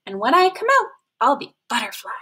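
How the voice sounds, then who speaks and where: A woman's voice: sing-song, fairly quick, breathy edge, full character voice. A woman doing a boastful little caterpillar girl. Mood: proud. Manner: bragging, high and bright. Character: proud boastful young female caterpillar.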